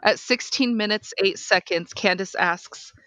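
A woman reads a case transcript aloud at an unhurried, deliberate pace, laying out each timestamp. Her voice is dry and close, with nothing of the room around it, and she sits at a middling pitch for a woman. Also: a bit bright, dry recording. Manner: measured, deliberate reading.

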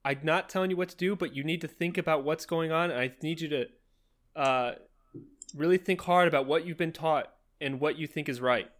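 A man's voice: a little high, brisk, a bit bright, pitched above the performer's own voice, natural voice. A man voicing an earnest adventurer who makes an urgent, persuasive plea. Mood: pleading. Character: earnest male winged adventurer pleading.

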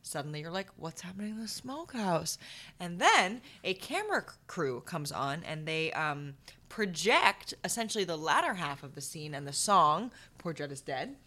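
A woman's voice: sits low, very animated, moderate pace, bright, forceful tone. A young woman co-hosting a podcast, chatting casually about a stage show with lots of hedging fillers. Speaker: podcast co-host. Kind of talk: casual theater review chat.

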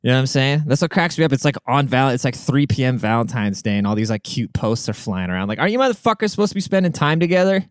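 A man's voice: mid-range voice, sing-song, quick pace, hardly any pauses, smooth, no echo, studio quality. A young man hosting a solo podcast, ranting in a brash, profane, swaggering way. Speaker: podcast host.

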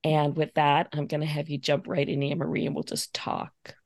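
A woman's voice: low voice, flat delivery, normal speed, gravelly, dry recording, clean studio sound. A woman hosting a podcast, gushing and enthusiastic, talking in long flowing phrases. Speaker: podcast host. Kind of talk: casual podcast interview.

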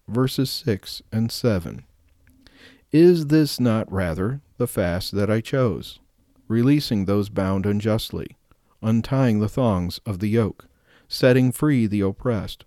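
A man with a low, mellow voice leads a rosary, alternating short scripture readings with repeated prayers. His delivery is steady and measured, and the sound is dry and close. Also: no echo. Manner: steady, measured devotional recitation. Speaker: prayer leader.

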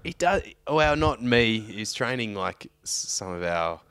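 A man's voice: fairly low pitch, lively intonation, measured pace, fairly bright tone, clear, resonant tone, no room sound. Profane Australian man telling a rambling story. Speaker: podcast co-host. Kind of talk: casual chat.

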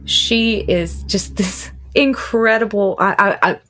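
Musician guest, woman, 30s. Excitable, animated storyteller, frequent laughter. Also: mid-range voice, takes it slowly. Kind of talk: casual interview chat.

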